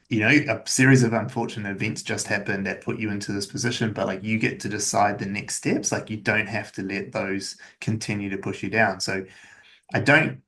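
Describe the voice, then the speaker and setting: A man speaks in a low-pitched voice as a podcast guest, telling his own story plainly and without drama. His delivery stays even-keeled and candid, with many casual fillers. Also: fairly quick. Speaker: podcast guest, agency founder. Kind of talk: personal storytelling in an interview.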